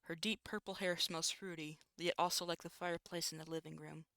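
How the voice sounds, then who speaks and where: A streamer narrating a visual novel aloud in steady storybook fashion, with occasional asides. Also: medium pitch, a little fast, vocal fry, clear, resonant tone, no room sound, studio quality.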